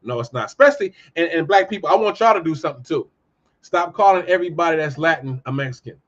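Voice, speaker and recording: Male commentary host, high-pitched, ranting casually, swings between shouting and muttering; muffled lo-fi recording. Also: animated, fast. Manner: heated, ranting, swings from loud outbursts to low muttering. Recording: dull lo-fi audio.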